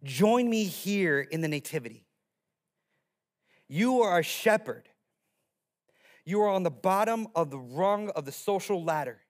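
Pastor, male, high-pitched, lively sermon delivery with playful bits. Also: a little slow, pauses often. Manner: animated storytelling with playful character voices.

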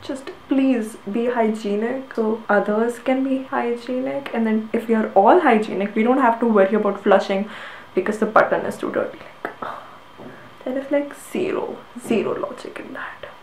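A woman's voice: a little high, moderate pace, darkish tone, reverberant, a little hiss or hum, low-quality recording. A woman ranting with exasperation about people's bad hygiene habits in a casual video.

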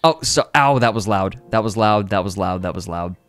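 A man streaming casually, who laughs often, exclaims loudly and reads chat aloud. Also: low voice, steady tone, fairly quick, loud music behind the voice.

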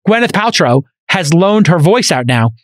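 Brooklyn guy hosting a podcast, kinda high voice, rambly and animated, dry close mic. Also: normal speed, no echo. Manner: animated, talkative, many fillers and restarts. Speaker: podcast host. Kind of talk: casual interview chat. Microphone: studio microphone.

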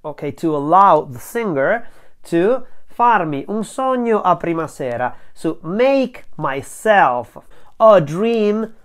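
An unhurried teacher explains each word slowly and deliberately. The delivery is patient and methodical, working through small details one at a time at a mid pitch. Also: animated. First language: Italian. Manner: patient, spells out words step by step. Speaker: language teacher. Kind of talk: slow explanatory lesson.

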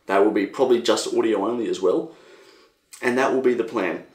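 A young Australian man hosting a casual solo podcast, rambling and animated, swearing freely. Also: fairly low pitch, brisk, reverberant. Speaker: podcast host.

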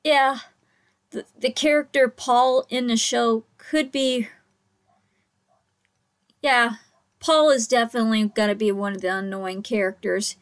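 Slow-talking woman reaction host. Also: on the high side, steady tone. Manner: hesitant, restarts her sentences. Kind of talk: casual reaction commentary.

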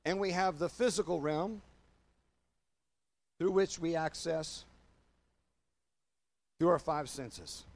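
An older man preaches in a notably high voice, addressing his church and viewers online. He builds to loud, forceful declarations, then drops down low and slows his pace to stress a point. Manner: emphatic preaching, swinging from loud declarations to low, slow confiding. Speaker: pastor. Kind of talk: sermon.

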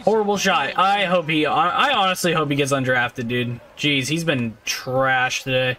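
A man giving casual, excitable gameplay commentary. He gets easily frustrated, yells at his teammates, and talks in slang with mild swearing. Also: a little high, moderate pace, few pauses. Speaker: gaming YouTuber.

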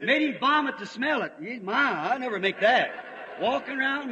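A man preaching a fiery revival sermon in folksy, storytelling words, swelling to shouts. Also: very high voice, lively intonation, normal speed, a little hiss or hum. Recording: old lo-fi tape, long hall reverb.

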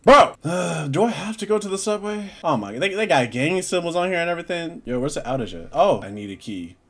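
A man's voice: a little high, big pitch swings, a little fast, a bit bright. A man doing profane, jokey let's-play commentary on a horror game, jumping into sudden screams. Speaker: gaming YouTuber.

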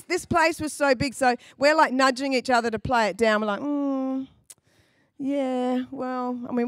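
A woman's voice: a little high, dry recording. A woman pastor from England preaching a sermon in a conversational, storytelling way, acting out quoted voices. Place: church.

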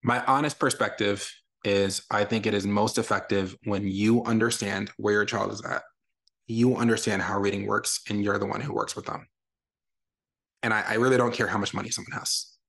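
A young adult man, a reading educator, giving a lively online lesson for parents and answering their questions. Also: lowish voice, normal speed, gravelly. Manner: energetic, explains with sound examples. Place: lives in Texas.

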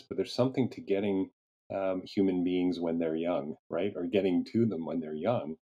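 A man hosting an interview over a video call, earnest and halting, with many restarts. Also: sits low, dark tone. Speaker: interview host.

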